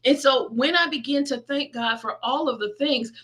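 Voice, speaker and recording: Woman pastor, Midwestern American, middle-aged; bright, slightly high voice, intimate preaching from her desk. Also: moderate pace, hardly any pauses. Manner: intimate, testimony-style, prays aloud. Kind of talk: online sermon, girl talk.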